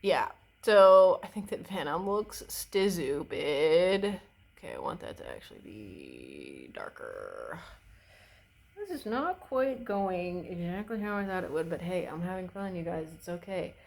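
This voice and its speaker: This beauty vlogger talks as she applies her makeup, her low-leaning voice creaky and swinging widely in pitch at a measured pace. Slight background noise and poor recording quality frame her rambling, opinionated chatter, which is loose, unpolished, laced with profanity, and full of fillers and false starts.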